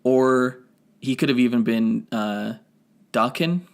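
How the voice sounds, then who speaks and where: Male podcast co-host, mid pitch, gravelly texture, rambling nerdy review chat. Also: fairly even intonation, normal speed. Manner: rambling, self-correcting, nerdy detail.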